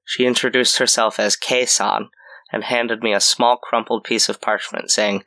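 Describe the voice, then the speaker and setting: A man narrating a scripted horror story in a measured storytelling way. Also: on the low side, level tone, sharp tone.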